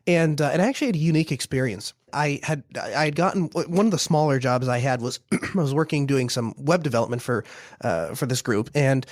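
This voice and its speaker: A man in his thirties hosting a casual chat, telling business anecdotes with quick laughs and frequent restarts. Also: on the high side, no echo, clean studio sound. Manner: fast, animated anecdotes with self-laughs and restarts. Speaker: podcast host, business owner.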